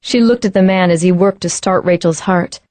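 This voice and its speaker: A woman's voice: on the low side, moderate pace, a little mellow, no room sound. Woman narrating a tense audiobook. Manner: tense, dramatic storytelling. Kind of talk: scripted narration.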